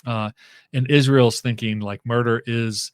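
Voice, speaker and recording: A man's voice: mid-range voice, steady tone, unhurried, no room sound, clean studio sound. A man speaking as a guest professor in a casual interview, thinking aloud with frequent fillers and restarts.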